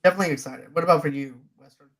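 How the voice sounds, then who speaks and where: Higher-voiced man hosting a casual podcast. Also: a bit bright. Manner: emphatic, conversational, drawn-out asides. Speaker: podcast host.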